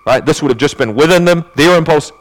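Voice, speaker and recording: A male pastor preaching a sermon in earnest, asking rhetorical questions and swinging between emphatic and hushed delivery. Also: on the high side, fast talker, no room sound.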